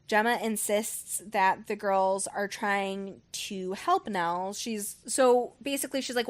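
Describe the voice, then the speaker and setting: A woman's voice: medium pitch, fairly even intonation, a little slow, hardly any pauses. Rambling woman recapping a book casually. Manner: rambling, full of "um" and "like"; swears casually. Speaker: book club podcast host.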